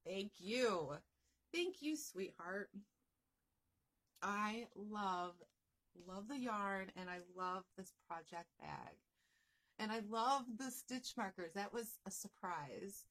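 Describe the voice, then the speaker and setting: Woman, crochet vlogger, unboxing, excitable and gushing, husky voice, slow pace. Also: medium pitch. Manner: gushing, excitable, repeats herself. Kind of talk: unboxing vlog.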